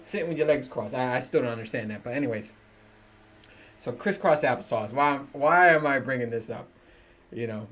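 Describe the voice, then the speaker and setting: A man in his thirties, a podcast host, rants casually to the camera, swearing and laughing as he goes. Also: mid-range voice. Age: 30s. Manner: profane, joking, laughs often. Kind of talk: casual solo rant to camera.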